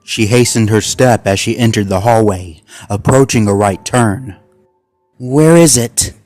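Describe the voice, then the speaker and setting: A man narrating a suspenseful animal story in a measured, scripted way. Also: lowish voice, fairly even intonation, darkish tone, dry recording, faint music behind.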